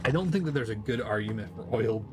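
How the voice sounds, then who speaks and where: A man's voice: lowish voice, animated, fast talker, music in the background. A man streaming a game, chatting casually in a rambling, profane way and laughing often. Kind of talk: casual chat while gaming.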